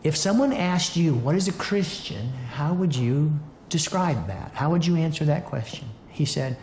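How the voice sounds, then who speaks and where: A man's voice: a little high, animated, normal speed, darkish tone, echoey room, a little hiss or hum. A man, a pastor and Christian author, telling a story in an earnest, conversational way on a TV studio set and acting out the quoted dialogue.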